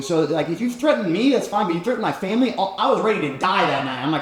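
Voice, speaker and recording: A man guesting on a podcast, telling a story in an animated, profane way with frequent laughter. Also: high voice, very fast, few pauses. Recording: roomy echoing room.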